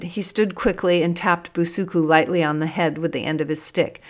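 A woman narrating a story in the first person, in a measured, gently expressive reading. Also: sits low. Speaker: audiobook narrator.

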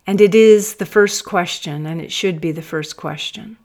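A woman narrates a first-person story in a low voice. Her delivery is intense and emphatic, leaning hard into the dramatic moments. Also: moderate pace, darkish tone.

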